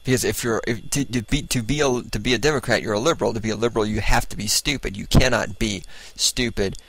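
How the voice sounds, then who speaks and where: A man's voice: lowish voice, fast, fairly bright tone, no room sound, poor audio. A man giving a blunt, sarcastic political monologue as host, laughing at his own jokes.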